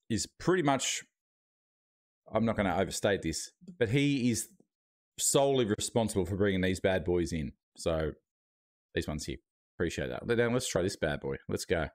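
Low-voiced Australian man eating on stream. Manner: chatty, talking while eating. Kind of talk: casual live-stream chat. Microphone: streaming mic with noise gate.

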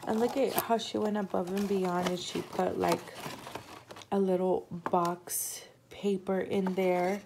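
A woman hosting a casual unboxing chat from her home craft room. She gushes excitedly, often gasps, and keeps calling viewers "you guys.". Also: mid-range voice, a little hiss or hum. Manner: gushing and excitable, often gasping. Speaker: crafting channel host.

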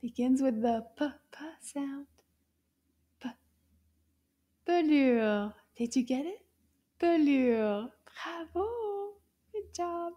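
A woman teaching a children's language lesson in a gentle, encouraging way, drawing out sounds. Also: high voice, lively intonation, a little slow, highs cut off.

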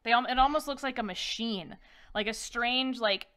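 A woman leads a tabletop game as dungeon master, describing scenes in a loose, rambling way. Her voice is bright and fairly high, and her speech is full of fillers. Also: normal speed, clear, resonant tone. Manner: rambling, filler-heavy, laughs often.

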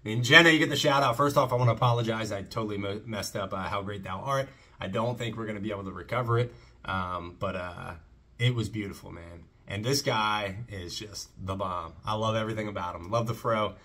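Husky guy hosting a song reaction, kinda low voice, gets all fired up and preachy here and there. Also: a little fast, sharp tone. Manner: enthusiastic, drops in short preaching asides. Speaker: reaction channel host. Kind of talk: casual faith-based music reaction.

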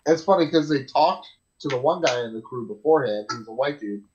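A man's voice: mid-range voice, lively intonation, fast talker, dull audio, a crowd in the background. A man chatting casually on a podcast, telling a news story in a wry, laid-back way. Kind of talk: casual chat.

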